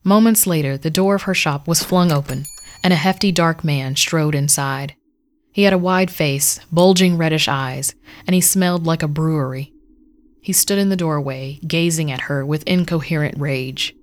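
A woman reading a dark fantasy story aloud in a measured, even voice. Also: deep voice. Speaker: narrator. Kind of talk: scripted story narration.

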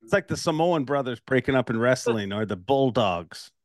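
A man's voice: mid-range voice, lively intonation, moderate pace, no echo, studio quality. A man from Ireland hosting a podcast, telling stories casually with lots of laughter. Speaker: podcast host. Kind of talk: casual interview chat.

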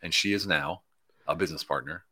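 A man from Pennsylvania, a guest in a casual interview, telling animated stories and acting out the dialogue of people he met. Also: a bass voice, fairly quick. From Pennsylvania, USA.

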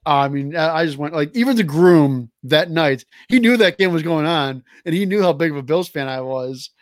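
A man's voice: on the high side, expressive, normal speed, no echo, studio quality. A man hosting a podcast, casually telling an anecdote. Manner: easygoing anecdote teller.

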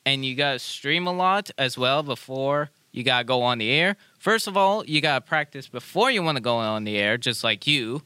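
A man's voice: mid-range voice, animated, normal speed, few pauses, sharp tone, clear, resonant tone, no room sound. A young man co-hosting a casual chat with his father, mostly giving short agreeable replies. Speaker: co-host, son, gamer.

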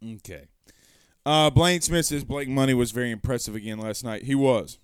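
A man's voice: mid-range voice, moderate pace, clean tone, no echo, studio quality. A man hosting a sports talk show, reading viewer comments aloud and rambling conversationally with rhetorical questions.

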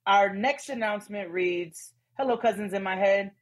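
A woman co-hosting a casual podcast, reading listener letters aloud with lively asides and laughter. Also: mid-range voice, normal speed. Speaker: podcast co-host.

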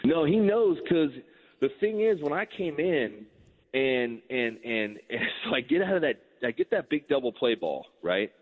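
A man in his forties, a former pitcher, telling a story in a casual, rambling way, full of "like" and restarts. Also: normal speed. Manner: rambling, animated, heavy use of "like". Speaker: former baseball pitcher, guest. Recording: tinny phone-like line with long reverb.

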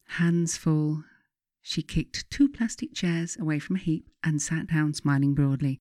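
Warm-voiced woman reading her memoir. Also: sits low, fairly even intonation, no room sound, clean studio sound. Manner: measured, reflective storytelling. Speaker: author reading her own book. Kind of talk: memoir audiobook narration.

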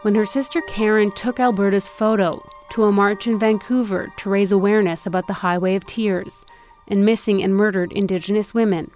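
A woman narrates an investigative documentary with a measured, serious delivery and a voice of middling pitch. She speaks steadily and with care, and faint music sits underneath. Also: fairly even intonation, a little mellow. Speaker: investigative reporter and podcast host.

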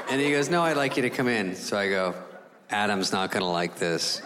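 A middle-aged man performing a stand-up routine, telling a self-mocking story in a sarcastic way with quick voices for others. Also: mid-range voice, lively intonation, a bit bright. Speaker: stand-up comedian. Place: large theater stage before a laughing audience. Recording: live hall with crowd noise.

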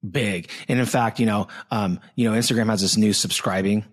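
A man in his thirties, from Florida, hosting a casual interview chat, blunt and excitable, swearing freely and calling his guest "dude". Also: lowish voice, fairly quick. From Southwest Florida. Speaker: podcast host.

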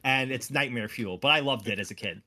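A man's voice: mid-range voice, a little fast, pushed and bright, slight background noise. A man co-hosting a podcast in casual chat, rambling and swearing and getting openly emotional. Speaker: podcast co-host.

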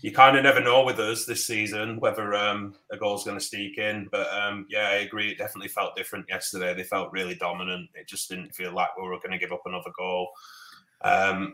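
A man's voice: deep voice, sharp tone. A man speaking as a guest on a casual football fan podcast, thoughtful and hedging.

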